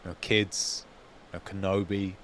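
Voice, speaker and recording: A man's voice: sits low, level tone, takes it slowly, a bit bright, slight background noise. A man on a casual fan review podcast, agreeable and reflective. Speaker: podcast co-host.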